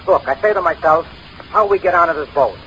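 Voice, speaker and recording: A man's voice: a little high, a little fast, a little hiss or hum, lightly acted. An actor playing a simple-minded male sidekick with a put-on Italian accent and broken English in an old radio comedy. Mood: comic. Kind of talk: 1930s radio comedy acting. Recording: dull lo-fi old radio recording.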